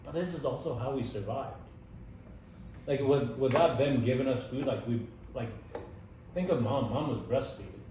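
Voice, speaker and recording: A young man tells stories in easy conversation, getting animated and laughing at his own tales. His voice sits in the middle of the male range. The mic is well away from him, so the sound is roomy and echoing, with a faint hiss underneath. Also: mid-range voice, normal speed, long pauses. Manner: animated, laughs while telling stories, many "like" and "dude" fillers. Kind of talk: casual storytelling conversation. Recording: echoey room, voice from some distance.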